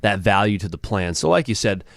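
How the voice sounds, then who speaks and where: A man's voice: low-pitched, a little fast, dry recording. A man working as a financial advisor, chatting casually on a radio show with plenty of fillers and restarts. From Southern California. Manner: relaxed, with frequent fillers and restarts.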